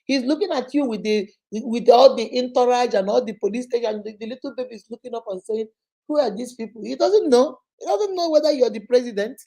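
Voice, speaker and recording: A woman's voice: a little high, brisk, dark tone. A woman hosting a casual live stream, giving emphatic marriage advice and greeting viewers by name. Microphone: phone.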